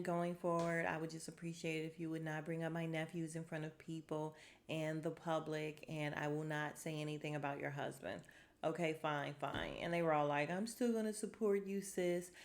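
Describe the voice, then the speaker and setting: Sassy woman podcaster, low voice. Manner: sassy, animated retelling with quick quoted asides. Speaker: podcast host recapping a reality show. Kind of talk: casual chat.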